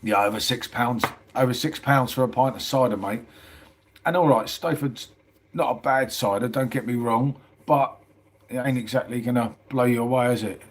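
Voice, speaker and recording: A middle-aged man talks casually on a live stream, answering viewer comments in a relaxed, rambling way. His voice sits at an ordinary pitch and he keeps dropping in "mate". He sounds a little tired. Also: moderate pace, slight background noise. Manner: chatty, says "mate" often, reads out viewer comments. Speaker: livestream host.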